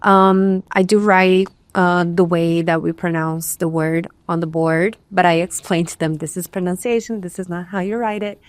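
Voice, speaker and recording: A woman who teaches English to children describes her methods calmly and practically in a podcast chat. Her voice is smooth and clear, a little low in pitch. The recording is dry and close. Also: moderate pace, hardly any pauses, no echo. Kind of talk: casual podcast conversation.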